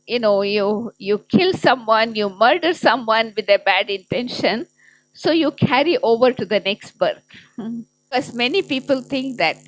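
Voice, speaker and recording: Slow-speaking woman spiritual teacher. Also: a little high, dry recording, low-quality recording. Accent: Malaysian English. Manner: slow, gentle teaching with frequent fillers and soft laughs. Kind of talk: spiritual class talk.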